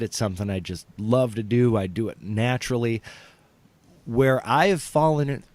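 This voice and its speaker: A man who hosts and does stand-up, chatting casually and animatedly with lots of fillers. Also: medium pitch. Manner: animated, rambling, with many fillers. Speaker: podcast host and stand-up comic. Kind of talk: casual comedic chat.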